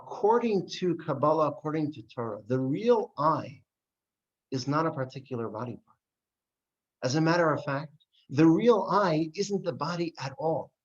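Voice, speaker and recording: A man with a fairly high voice teaches an adult lesson as a rabbi. He poses rhetorical questions and tells stories in lively voices. The recording sounds dull and lo-fi. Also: normal speed.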